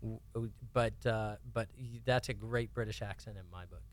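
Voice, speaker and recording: A man's voice: on the low side, normal speed, a little hiss or hum. A man co-hosting a casual family podcast, speaking with dry, sarcastic humor and encouragement. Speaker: podcast co-host, dad.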